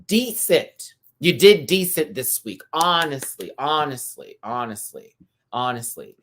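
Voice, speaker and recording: Casting: campy man, lively singsong delivery, live-stream reviewer talking to chat. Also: medium pitch, slight background noise. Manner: animated and campy, quick asides to the chat. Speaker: YouTube host reviewing a TV show.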